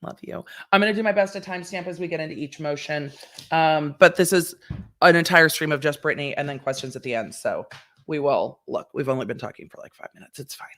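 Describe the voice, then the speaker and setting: A woman's voice: low-pitched, brisk. A woman lawyer hosting a casual livestream, chatty and rambling, swearing and laughing as she talks.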